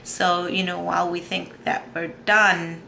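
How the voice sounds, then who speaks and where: A woman in her thirties talking in a personal video diary, soft and halting, with many pauses and fillers, close to tears. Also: fairly low pitch, level tone, creaky, slight background noise. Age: 30s. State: emotional, on the verge of tears. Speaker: vlogger.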